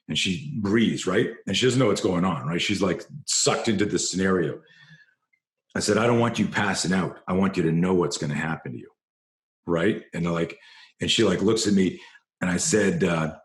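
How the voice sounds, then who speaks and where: Deep-voiced self-defense trainer telling a story. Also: male voice, moderate pace, reverberant. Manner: animated storyteller, rising in pitch and force when excited. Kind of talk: storytelling in an interview.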